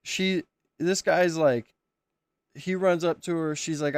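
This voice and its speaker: A man's voice: fairly high pitch, steady tone, unhurried, dry recording. A man giving casual live reaction commentary, laughing, swearing and talking in slang. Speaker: streamer reacting to videos.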